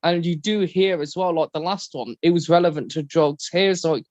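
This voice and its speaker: A man's voice: normal speed, a little mellow, no room sound, lo-fi sound. A man co-hosting a casual podcast discussion, rambling and acting out quotes. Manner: rambling, acts out quotes in high voices. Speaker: podcast co-host.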